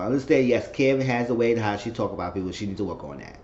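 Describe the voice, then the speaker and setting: A man casually recapping a TV episode, rambling and animated. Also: racing. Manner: rambling, animated, mimics characters in falsetto. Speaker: TV recap vlogger. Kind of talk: casual review chat. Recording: echoey room, dull lo-fi sound, faint noise.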